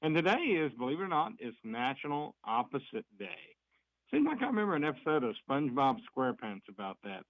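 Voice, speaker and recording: A man's voice: mid-range voice, sing-song, a little fast, no room sound. A man giving a folksy, chatty community report on a morning radio show. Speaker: fire district reporter on radio. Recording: dry, dull lo-fi radio sound.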